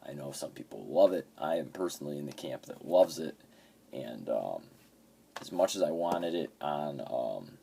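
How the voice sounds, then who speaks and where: Very deep gravelly man in his fifties. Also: warm tone, a little hiss or hum. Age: 50s. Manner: profane, rambling storyteller. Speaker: game collector. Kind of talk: casual video game haul vlog.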